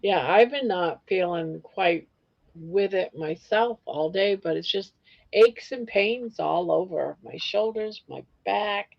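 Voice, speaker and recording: A woman's voice: mid-range voice, slow, creaky. An older woman hosting a casual live-stream chat, rambling from one thing to the next. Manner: rambling, breaks into song snatches. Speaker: host. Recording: dull lo-fi stream audio.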